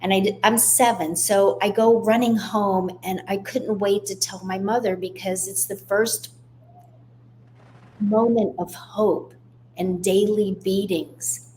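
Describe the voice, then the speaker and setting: A woman tells her own story as a guest on a radio interview, speaking candidly and steadily. Her pitch sits in the middle of the range. A faint hum runs under the recording. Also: steady tone, slow pace, warm tone. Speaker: guest author.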